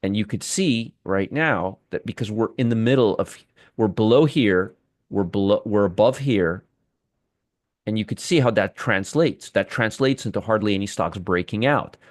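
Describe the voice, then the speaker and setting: Sarcastic lowish-voiced man hosting a trading stream. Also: moderate pace, no room sound, clean studio sound. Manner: sarcastic, talks to viewers and chat; restarts and trails off while working his screens. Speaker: trading room host. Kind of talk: live market commentary.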